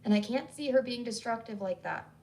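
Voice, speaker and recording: A woman voicing an insistent Southern woman with a Southern accent, who stays calm while she presses hard. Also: fairly high pitch, fairly quick, far from the mic, a little hiss or hum. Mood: urgent, insistent. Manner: calm but pressing, pleading.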